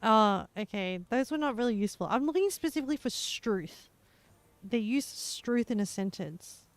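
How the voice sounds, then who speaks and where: A woman's voice: on the high side, lively intonation, normal speed, no echo. An Australian woman streaming a game, chatting casually and rambling as she searches for words. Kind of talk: casual chat while gaming.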